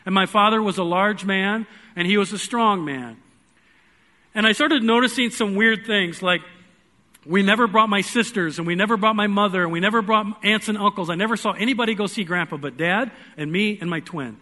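Bright, high-voiced man preaching earnestly. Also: brisk. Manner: earnest storytelling, swings from loud pleading to hushed. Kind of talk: sermon. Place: church.

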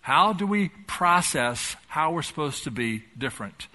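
An older man preaching a sermon as pastor, asking rhetorical questions and swinging between loud and soft. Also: on the high side, animated, unhurried.

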